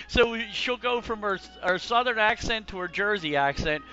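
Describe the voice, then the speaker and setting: A man's voice: high voice, moderate pace, few pauses, pushed and bright, faint music behind. A man hosting a casual podcast chat, rambling and stammering through restarts. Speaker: podcast host. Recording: slightly dull lo-fi audio.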